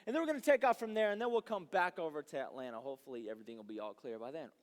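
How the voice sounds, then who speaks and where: A man imitating a drawling male airline captain making hesitant loudspeaker announcements with drawn-out pauses. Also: a little high, pitched below the performer's own voice, close to an everyday voice. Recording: long reverb of a large hall.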